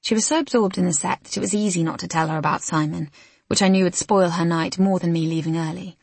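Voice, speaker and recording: A woman reading a first-person audiobook in a soft, measured, reflective way. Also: fairly low pitch, fairly even intonation, gravelly, breathy edge, dry recording. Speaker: audiobook narrator.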